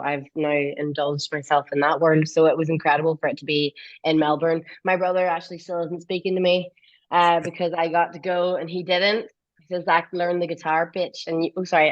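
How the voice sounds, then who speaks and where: A woman's voice: low voice, lo-fi sound. A woman with an Irish accent, chatting bubbly and casually as a guest and laughing often. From Ireland. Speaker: guest singer. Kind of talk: casual interview chat.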